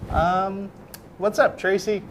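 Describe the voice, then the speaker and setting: Relaxed man co-hosting a call-in show. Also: sits high, slow, background noise. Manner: relaxed, hesitant, many fillers. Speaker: co-host. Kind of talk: casual chat. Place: TV studio.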